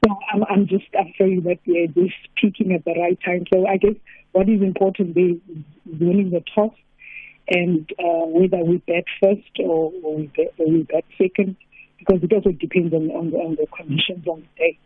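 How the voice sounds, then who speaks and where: Male caller from South Africa, hesitant, husky voice, tinny phone line. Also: high voice, little pitch movement, normal speed, no room sound. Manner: hesitant, repeats words. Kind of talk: phone-in chat.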